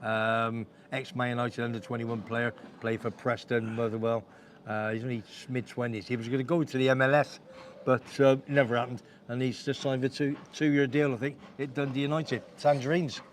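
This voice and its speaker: A man's voice: medium pitch, flat delivery, moderate pace, a little hiss or hum. A man hosting a live stream in casual chat, rambling along and calling people son and big man. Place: outdoor cafe. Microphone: phone on a live stream.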